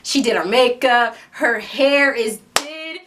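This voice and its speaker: A woman's voice: a little high, slow, few pauses, noisy background. A young woman chatting playfully to camera as a vlogger, acting out quoted lines as she goes. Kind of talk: casual chat to camera.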